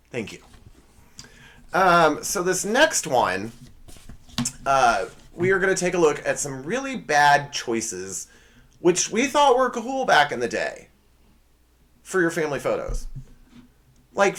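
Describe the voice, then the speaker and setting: A man hosting a comedy podcast, talking through a casual monologue with sarcastic, rambling asides and quick self-corrections. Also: on the high side, fairly bright tone. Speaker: podcast host.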